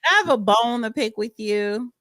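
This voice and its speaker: A woman's voice: a little high, lively intonation, normal speed, a bit bright, dry recording, clean studio sound. A woman co-hosting a casual reaction podcast, speaking in a direct, opinionated way. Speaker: podcast co-host.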